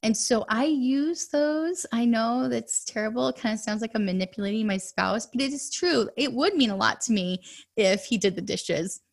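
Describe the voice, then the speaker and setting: A money coach in her thirties, with a fairly high, gravelly voice, chats as a guest in a podcast interview. She tells stories punctuated by quick asides.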